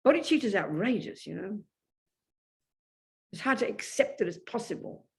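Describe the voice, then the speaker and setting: A woman's voice: medium pitch, moderate pace, gravelly. A woman giving a Buddhist dharma talk to an audience, blunt and emphatic, often checking in with her listeners. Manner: emphatic and animated, often asks the audience "you know?"; blunt, outspoken. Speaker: Buddhist teacher.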